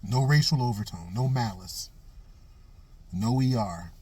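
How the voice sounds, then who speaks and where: A man's voice: medium pitch, a little slow, pauses often, darkish tone, slightly rough. A middle-aged man giving a blunt, profane opinion monologue for his vlog, telling stories and hammering points with repeated phrases. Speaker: vlogger. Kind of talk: casual opinion monologue with storytelling.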